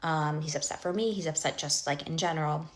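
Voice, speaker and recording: A woman's voice: deep voice, fairly quick. A young woman telling a personal story in casual storytime style, rambling with lots of fillers and restarts, and often dropping to a whisper for asides.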